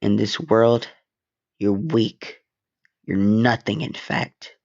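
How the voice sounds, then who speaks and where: A man's voice: on the low side, vocal fry, darkish tone, lo-fi sound. A man voicing a vengeful teenage boy who mocks and threatens in a cold, sneering way. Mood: mocking threat. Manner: threatening, sneering, drawn-out menace.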